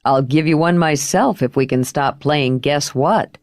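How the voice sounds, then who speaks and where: A woman's voice: low voice, unhurried, a little mellow, no echo. Woman doing a dry, amused young man. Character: wry, teasing young man, calm and amused.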